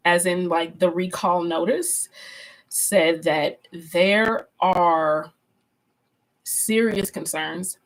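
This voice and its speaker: A woman's voice: fairly low pitch, low-quality recording. A woman instructor leading a live online class discussion in a chatty, conversational way, often restarting her sentences and speaking directly to her viewers. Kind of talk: casual live-stream class talk.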